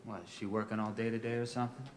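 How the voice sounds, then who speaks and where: A man's voice: on the low side, level tone, racing, slight background noise, natural voice. A man playing an estranged adult son who talks in a hesitant, stammering way, in a sketch comedy. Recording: studio audience laughter behind. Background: live studio audience.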